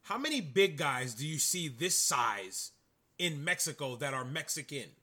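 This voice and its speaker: Bright-voiced male wrestling podcast co-host. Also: fairly high pitch, very animated, measured pace. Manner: rambling, enthusiastic. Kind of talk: casual chat.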